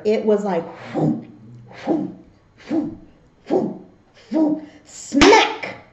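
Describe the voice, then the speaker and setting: A middle-aged woman vlogger telling casual, animated stories about family memories. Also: medium pitch, roomy sound, dull audio. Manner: animated, slow and drawn-out when telling stories. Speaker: mukbang vlogger. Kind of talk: casual storytelling.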